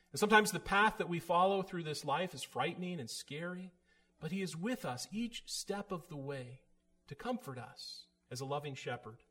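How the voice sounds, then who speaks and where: A man's voice: high-pitched, fairly bright tone. A man preaching a sermon in an earnest, emphatic way, voice rising for emphasis.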